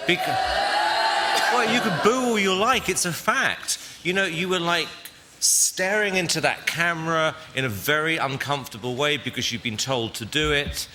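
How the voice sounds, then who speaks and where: A man's voice: fairly high pitch, normal speed, pushed and bright, big-room sound, a little hiss or hum. A man judging a talent show, giving blunt and frank criticism in a large TV studio with an audience. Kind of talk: live TV critique.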